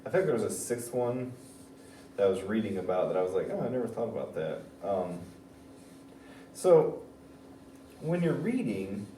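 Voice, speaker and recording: Man, teacher, reading lesson, thinking aloud, animated pitch, echoey room, faint background hum. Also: normal speed, long pauses. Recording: roomy sound, mic at a distance, faint ambience.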